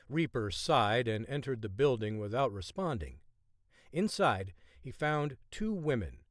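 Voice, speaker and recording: A man narrating a thriller audiobook in a measured storytelling voice. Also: mid-range voice, dry recording, studio quality.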